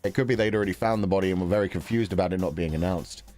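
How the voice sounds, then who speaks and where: A man's voice: low-pitched, racing, a little mellow, soft background music. A man streaming a video game, chatting casually while he reacts, swearing and laughing as he theorizes. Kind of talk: let's-play commentary.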